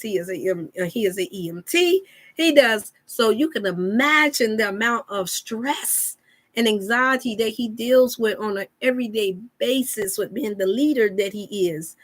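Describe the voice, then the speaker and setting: A woman's voice: on the high side, a bit bright. A woman hosting a casual wellness live chat, talking to viewers in a folksy, preachy way. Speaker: wellness show host.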